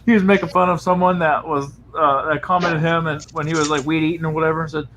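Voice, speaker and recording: A man's voice: fairly high pitch, flat delivery, quick pace, noisy background. A man chatting casually about lawn care, telling stories and laughing easily. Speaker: guest lawn care worker. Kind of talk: casual live-stream chat.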